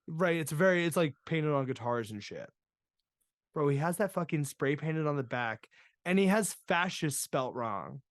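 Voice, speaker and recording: A man hosting a podcast, telling a wild story in casual, profane chat that swings between loud and quiet. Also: on the high side, lively intonation, moderate pace, dry recording, studio quality. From Boston area. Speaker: podcast host.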